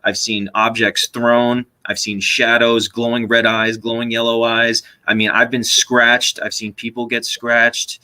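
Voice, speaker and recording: An American man, a paranormal investigator, talking earnestly in long runs with quick restarts. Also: mid-range voice, little pitch movement, pushed and bright. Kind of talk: casual interview talk.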